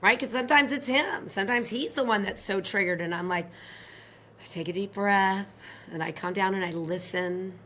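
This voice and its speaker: Bright-voiced expressive woman. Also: mid-range voice, normal speed, slight background noise. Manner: expressive, acts out quoted lines. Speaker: relationship expert guest. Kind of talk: animated interview talk.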